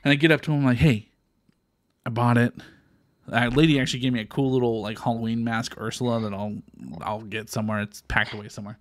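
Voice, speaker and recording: A man's voice: mid-range voice, little pitch movement, fast talker, dry recording. A man from Texas co-hosting a podcast, telling a story in casual chat, swearing freely and acting out quoted voices. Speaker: podcast co-host.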